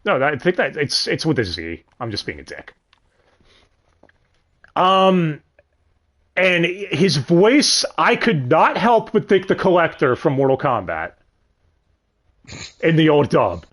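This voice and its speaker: A man's voice: on the high side, big pitch swings, takes it slowly, pauses often, fairly bright tone. A young man hosting a livestream, rambling casually about dubs, swearing and correcting himself as he goes. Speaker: stream host.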